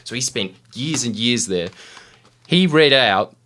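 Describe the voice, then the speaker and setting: A man's voice: medium pitch, animated, a little slow, pushed and bright. A man hosting a casual podcast, telling history with jokey, mock-solemn asides. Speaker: podcast host. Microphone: studio mic.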